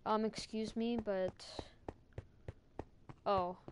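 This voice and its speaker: A woman chatting casually over her own gameplay, often mumbling quietly to herself and greeting the creatures in the game. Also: medium pitch, fairly even intonation, drawn-out words, slight background noise. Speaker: gaming streamer. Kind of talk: casual let's-play commentary. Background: loud game music.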